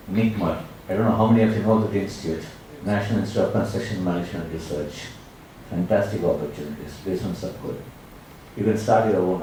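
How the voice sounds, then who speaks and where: A man from India giving a motivational speech to students in an auditorium and telling stories in an animated way. He keeps calling the crowd "my dear friends". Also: on the low side. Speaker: guest speaker. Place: large auditorium. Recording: echoey hall, mic at a distance, faint noise.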